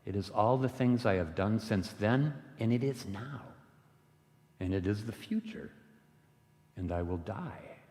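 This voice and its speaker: A man's voice: lowish voice, a little slow, a little mellow, big-room sound. A man voicing a restless young male seeker who questions the purpose of his life, within a sermon story. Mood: reflective.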